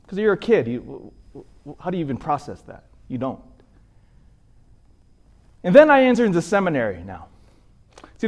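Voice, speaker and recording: A man from California, a priest, preaching a sermon in an earnest storytelling manner that rises for emphasis. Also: fairly high pitch.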